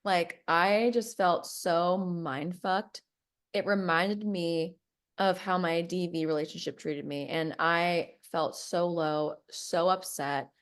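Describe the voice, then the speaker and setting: A woman's voice: on the low side, steady tone, takes it slowly, clear, resonant tone. A woman guest on a podcast, earnestly recounting her own story in a casual way.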